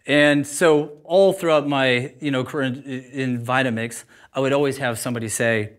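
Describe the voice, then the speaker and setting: A man's voice: mid-range voice, fairly even intonation, moderate pace. A man who owns a juice bar, talking informally and with energy to a live audience. He is candid and laughs at himself. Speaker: juice bar owner giving a talk.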